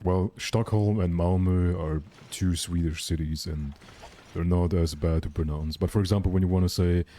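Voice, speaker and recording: A man's voice: deep voice, fairly even intonation, moderate pace, mellow, slight background noise. A man from Germany with a light German accent, rambling candidly in casual chat as a streamer.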